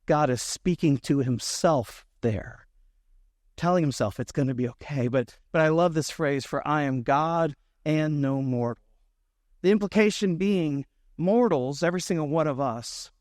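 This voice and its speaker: A man's voice: a little high, normal speed, a little mellow, no room sound, clean studio sound. A man in his thirties, a pastor giving a conversational sermon, telling stories with asides to the congregation.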